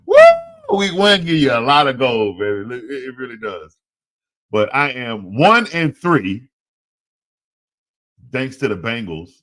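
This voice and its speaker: Animated, lively man in sports chat. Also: mid-range voice, unhurried, pauses often. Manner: animated, excitable, laughs often, trash-talking, slangy. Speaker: fantasy football show host. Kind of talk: casual solo sports commentary.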